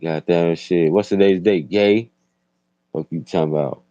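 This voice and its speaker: A man with a Chicago accent hosting a casual livestream chat, telling stories in a loud, profane way. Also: low voice, moderate pace, no room sound, lo-fi sound. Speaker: host.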